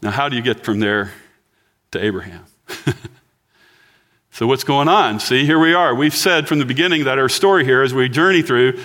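A man in his sixties gives a sermon in a church at an easy, talky pace. He jokes with the congregation and asks them questions, and his voice sits in a middle pitch. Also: moderate pace, pauses often, a bit bright. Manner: conversational, joking with the congregation. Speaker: pastor.

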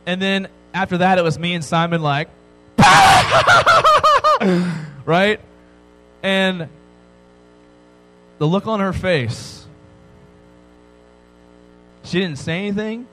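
A man's voice: high-pitched, slow, pauses often, faint music behind, rough recording. Joking male preacher telling a story. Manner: joking, animated storytelling with frequent "right?" asides. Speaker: pastor. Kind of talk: sermon to a youth audience.

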